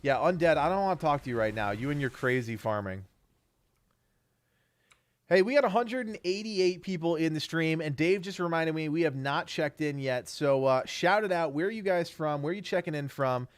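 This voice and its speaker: A man's voice: fairly high pitch, animated, no echo. A man streaming a game live, chatting casually and reading out where his viewers are tuning in from. He has kids. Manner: upbeat, reads viewer names in a quick rattled list. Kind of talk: casual live-stream chat while gaming.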